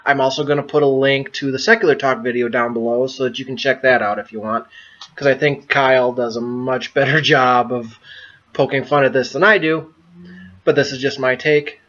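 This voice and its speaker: A man's voice: medium pitch, fairly even intonation, moderate pace, fairly bright tone. Exasperated man riffing on a dull mic. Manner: amused and exasperated, stumbling over words. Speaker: vlogger. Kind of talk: casual political commentary.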